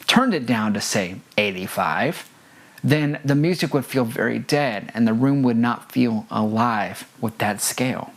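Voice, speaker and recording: Earnest man teaching sound engineers. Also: mid-range voice. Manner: earnest, emphatic, repeats key points. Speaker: front of house audio engineer. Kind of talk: instructional talk with personal stories.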